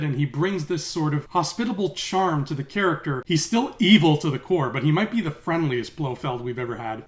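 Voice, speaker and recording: A man talking through a film retrospective at home in a chatty, enthusiastic way. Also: fairly high pitch. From Canada. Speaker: film reviewer. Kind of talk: casual film retrospective commentary. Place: apartment room at home. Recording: echoey room.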